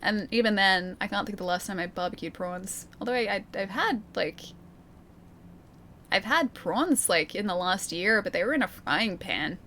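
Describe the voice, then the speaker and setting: A woman's voice: mid-range voice, expressive, moderate pace, sharp tone, slight background noise. A young woman with a light Australian accent, chatting and laughing through a game stream and reading out chat. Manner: giggly, chatty, self-mocking. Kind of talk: casual gameplay commentary reading chat.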